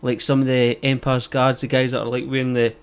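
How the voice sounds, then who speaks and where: A man's voice: medium pitch, flat delivery, fairly quick, clean tone. Scottish male co-host, chatty, leans on fillers. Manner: filler-heavy, keeps saying "like" and "aye". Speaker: podcast co-host. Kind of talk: casual chat.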